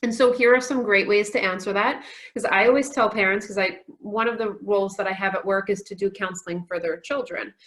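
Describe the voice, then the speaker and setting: A woman's voice: mid-range voice, fairly even intonation, a little fast. A woman in her forties, a counselor giving a conference talk, telling stories with frequent "um" fillers. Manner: warm storytelling with frequent "um" fillers. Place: virtual conference.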